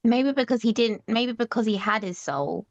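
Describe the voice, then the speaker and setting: A woman's voice: fairly high pitch, moderate pace, dry recording, dull audio. Chatty woman podcaster, dry sound. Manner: chatty, laughs often, trails off and restarts. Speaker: podcast co-host. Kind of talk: casual chat.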